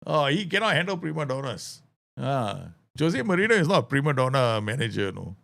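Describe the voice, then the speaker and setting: Man, gravelly voice, laughs a lot, casual game commentary. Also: mid-range voice, fairly quick. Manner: chatty, laughs often, excitable outbursts. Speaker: gaming streamer.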